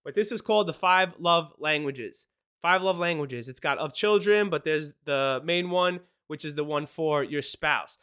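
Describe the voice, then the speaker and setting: A podcast host gives casual marriage advice in a high, bright, forward voice that's also smooth. He speaks fast and excitedly, laughing often as he explains things on his casual advice show.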